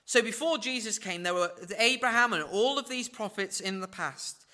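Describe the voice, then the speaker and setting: A man giving verse-by-verse Bible teaching, acting out quoted lines with big swings in pitch and dropping in wry asides. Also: expressive, moderate pace, pushed and bright.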